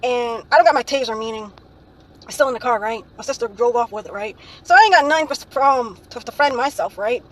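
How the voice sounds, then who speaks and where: Slightly high in pitch and brisk, a young woman shares a story in a casual vlog. Her speech rambles, studded with "like, um" fillers and "right?" tags at phrase ends. It's a low-quality recording.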